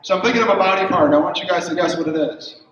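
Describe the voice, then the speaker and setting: High-voiced young male stand-up comic. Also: rapid-fire, a bit bright, slight background noise. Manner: chatty, teasing the audience with questions. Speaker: stand-up comedian. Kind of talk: stand-up comedy. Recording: muffled echoey room from far off.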